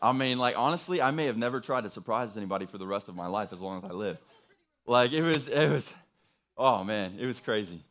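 Lively, casual young preacher man. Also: mid-range voice, fairly quick. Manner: casual storytelling, lots of "dude" and "right?". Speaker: pastor. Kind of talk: sermon story.

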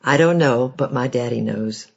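Quiet little girl, read by a gravelly man. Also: fairly low pitch, fairly even intonation, a little slow, heavily acted. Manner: quiet, simple answers. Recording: dull lo-fi recording.

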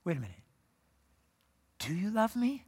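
A preacher voicing Jesus in a sermon retelling, speaking quietly and earnestly in a long-reverb hall. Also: medium pitch, sing-song, normal speed, breathy edge. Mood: probing. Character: Jesus, calm and searching.

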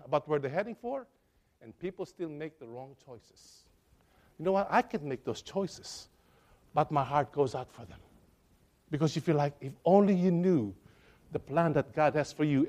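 A man preaches with an unusually high-pitched voice. He pleads with his listeners and swings between loud bursts and soft, hushed stretches. His sermon is earnest and heartfelt. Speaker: pastor.

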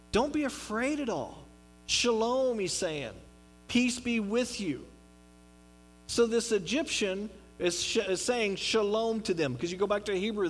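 A man's voice: high voice, low-quality recording. A man reading scripture aloud and explaining it in a casual, chatty teaching style, now and then acting out little voices. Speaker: pastor. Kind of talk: conversational Bible teaching.

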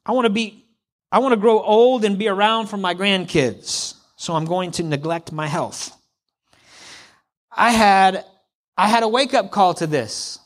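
A middle-aged man preaching in a conversational way, repeating lines for emphasis. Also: on the high side. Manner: conversational, acts out hypothetical quotes, repeats for emphasis. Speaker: pastor. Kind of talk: sermon.

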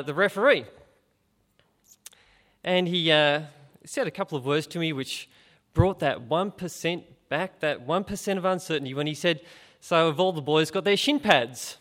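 A man's voice: a little high, a bit bright. A middle-aged man gives an informal gospel talk, speaking conversationally and asking his listeners direct questions. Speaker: preacher.

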